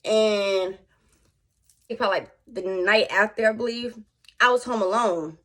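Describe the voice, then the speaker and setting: Young woman vlogger telling a storytime, slangy and animated, talks right to viewers. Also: medium pitch, a little slow. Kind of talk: casual storytime.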